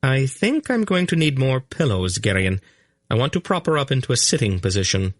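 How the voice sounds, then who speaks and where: A man voicing a calm, commanding sorceress who speaks crisply and with motherly authority, in an audiobook reading. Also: mid-range voice, dry recording, studio quality, pitched above the performer's own voice. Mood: brisk, soothing. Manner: crisp, brisk, gently condescending. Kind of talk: audiobook character voice.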